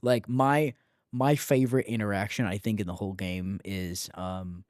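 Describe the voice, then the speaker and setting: A podcast co-host chats casually and rambles, filling his speech with lots of filler sounds. His voice is on the low side, fairly even and a little mellow, with a clear, resonant tone at a moderate pace, captured in a dry, clean studio recording.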